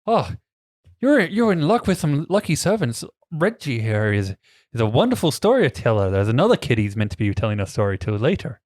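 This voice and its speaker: A man's voice: mid-range voice, big pitch swings, brisk, darkish tone, no echo, lightly acted. A man voicing an eager, bumbling guard captain in a tabletop game, dry close recording.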